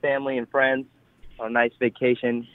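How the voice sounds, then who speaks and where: A man's voice: mid-range voice, little pitch movement, a little fast, a little hiss or hum. An eighteen-year-old man calling into a podcast, sheepish and brief in casual chat. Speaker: phone-in guest. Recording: tinny phone line.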